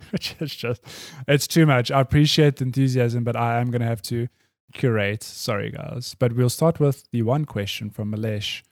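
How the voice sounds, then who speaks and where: A man's voice: medium pitch, normal speed, no echo, clean studio sound. A man co-hosting a casual podcast, chatty and laughing often as he reads listener mail. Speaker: podcast co-host. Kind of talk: casual chat.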